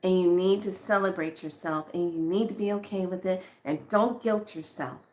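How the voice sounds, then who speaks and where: A woman giving a casual spiritual talk to viewers, chatty and animated, often laughing and slowing to a soft hush on calming lines. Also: on the low side. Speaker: spiritual teacher.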